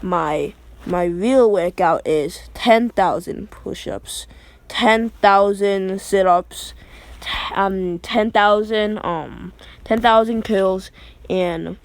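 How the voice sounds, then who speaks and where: A woman voicing an overpowered young male hero who boasts calmly, halting with fillers and restarts. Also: medium pitch, no echo. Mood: boasting.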